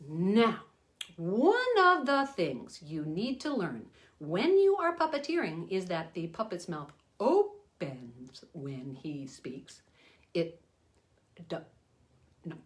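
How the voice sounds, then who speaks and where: A woman's voice: lowish voice, very animated, takes it slowly. Chatty older woman teaching puppetry. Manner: chatty, rambling, with frequent self-corrections. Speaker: children's entertainer and ventriloquist. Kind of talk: casual puppet-making lesson.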